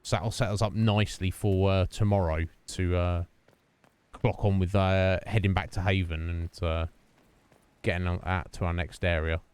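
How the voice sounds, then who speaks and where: A deep, smooth voice with flat delivery comes from a man streaming a video game at normal speed. He thinks aloud as he plays, greets viewers and keeps the gameplay commentary casual.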